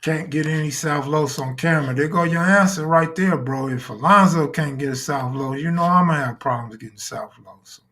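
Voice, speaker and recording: A man's voice: a little high, moderate pace, few pauses, a bit bright. A man hosting a live stream in casual talk, full of crude, boastful joking banter.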